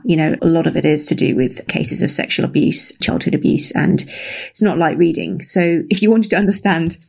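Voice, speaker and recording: A co-host in a casual podcast conversation, earnest and upbeat and quick to laugh. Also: medium pitch, vocal fry, darkish tone.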